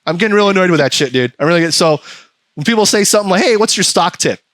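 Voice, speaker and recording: A man's voice: high voice, expressive, racing, fairly bright tone, no room sound. A man hosting a podcast, ranting profanely in casual chat and slipping into mocking voices. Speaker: podcast host.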